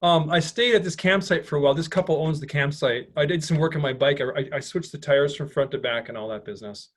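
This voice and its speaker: A man's voice: a little high, fast talker. A man presenting a slideshow to an audience in a meeting room, chatty and rambling, with many restarts. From United States. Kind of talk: informal slideshow talk.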